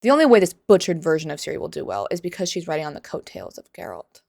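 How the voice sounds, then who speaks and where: A young woman with a lowish voice delivers opinionated vlog commentary, full of sarcasm and disbelief. The recording is dry and close, with no room sound around her. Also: huge pitch swings, quick pace, gravelly, darkish tone, dry recording. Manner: sarcastic, incredulous. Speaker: commentary vlogger.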